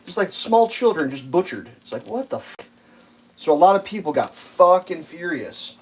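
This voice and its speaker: A man with a high, sing-song voice hosts a casual cooking livestream at a moderate pace, rambling and swearing with plenty of fillers. The low-quality recording carries a slight hiss or hum, with faint kitchen clatter in the background.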